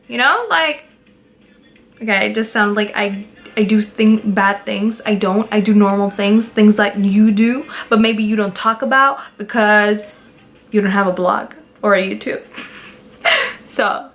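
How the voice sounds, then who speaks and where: A woman's voice: medium pitch, measured pace, a bit bright. A young woman talking casually to her camera as a beauty vlogger, direct and giggly, filling her talk with "like". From Pakistani roots. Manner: chatty, direct, giggly, lots of "like".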